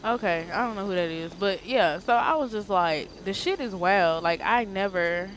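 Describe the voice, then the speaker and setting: A woman streamer telling a casual story time in an animated, slangy, profane way. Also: medium pitch, normal speed, a little hiss or hum.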